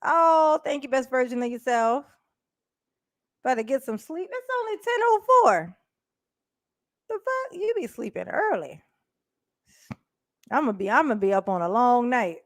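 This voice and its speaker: A woman doing casual live-stream commentary, blunt and profane, chatting directly with her viewers and breaking into quick laughs. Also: sits high, sing-song, no echo, clean studio sound. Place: indoors at home.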